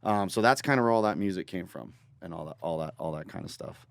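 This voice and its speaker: Low-voiced guy from northern ontario, talks fast and rambly, dry studio mic. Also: vocal fry, no room sound. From Northern Ontario, Canada. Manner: rambling, energetic storyteller with restarts and swearing. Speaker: guest musician. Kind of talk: casual interview storytelling. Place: podcast studio.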